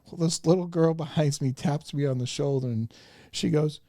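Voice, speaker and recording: Animated storytelling man, dry sound. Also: a little high, normal speed, no room sound. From northern United States. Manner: animated storyteller, acts out quoted voices. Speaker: podcast co-host. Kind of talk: casual storytelling chat.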